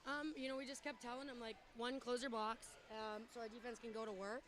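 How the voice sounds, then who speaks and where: A volleyball coach, a woman, out of breath after the match and answering in a loose, filler-heavy, chatty way. Her voice sits a bit high. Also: flat delivery, fairly quick. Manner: casual, lots of fillers. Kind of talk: post-game interview.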